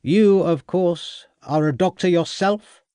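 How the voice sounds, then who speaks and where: A man's voice: medium pitch, animated, brisk, a little mellow, no echo, lightly acted. A man voicing an impatient, domineering Victorian schoolmaster who talks curtly. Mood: irritable. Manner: curt and impatient.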